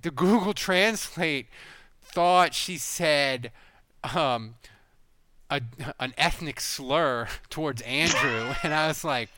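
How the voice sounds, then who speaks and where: A man co-hosts a casual podcast, talking excitably and laughing between lines. His voice is bright, crisp and clear, recorded dry and close. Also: on the high side, takes it slowly, no room sound. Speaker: podcast co-host.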